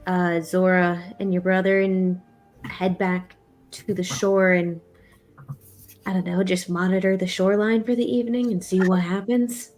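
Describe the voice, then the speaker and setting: A woman's voice: fairly low pitch, little pitch movement, a little slow, darkish tone, soft background music. A woman playing a tabletop game, speaking in a thoughtful, hesitant way. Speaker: player.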